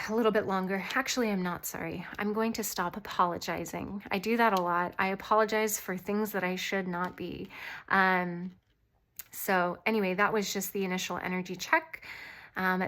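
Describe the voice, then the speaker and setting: Woman with a light voice, mid pitch, earnest and reassuring as a tarot reader talking to her viewers. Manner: earnest, reassuring and gently rambling. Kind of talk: intuitive tarot reading addressed to viewers.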